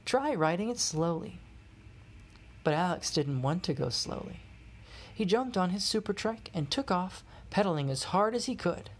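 Woman, storybook reader, breathy, low, lively pitch, expressive. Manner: expressive, measured read-aloud. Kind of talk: storybook reading.

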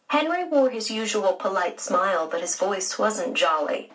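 A woman narrating a children's audiobook in an expressive storytelling manner. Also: fairly low pitch, unhurried, recorded from a distance, low-quality recording.

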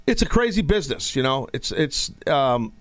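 Animated, rambling male talk-show host. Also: mid-range voice, normal speed, no echo. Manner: animated, rambling, stop-start delivery. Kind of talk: casual sports radio talk.

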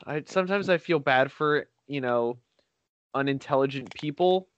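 A man's voice: mid-range voice, normal speed, no room sound, muffled recording. A man telling a story in casual chat, sarcastic and exasperated, acting out what people said.

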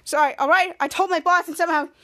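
A woman's voice: very high-pitched, fairly even intonation, fast, bright, forceful tone. A woman reading out the lines of an exasperated teenage boy hero from a sitcom, in her own voice.

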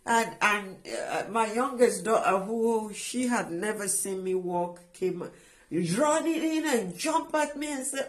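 A middle-aged woman giving an emotional personal testimony, halting and restarting often as she speaks. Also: medium pitch, lively intonation. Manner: halting and emotional, with many restarts and trailing phrases. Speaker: guest sharing a personal testimony.

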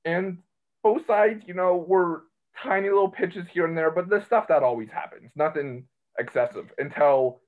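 Rambling, excitable male podcast host, slightly high voice, phone-line quality. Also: normal speed. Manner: rambling, excitable, self-interrupting. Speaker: college baseball podcast host. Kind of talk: casual sports chat. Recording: tinny phone-line sound.

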